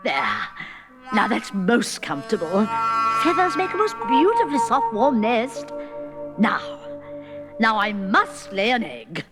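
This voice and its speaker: Naive fussy duck, high swooping voice, slow and flustered, old record, loud orchestra behind. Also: female voice, big pitch swings, big-room sound, over loud music. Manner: flustered, genteel, breathless politeness. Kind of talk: vintage storybook record acting.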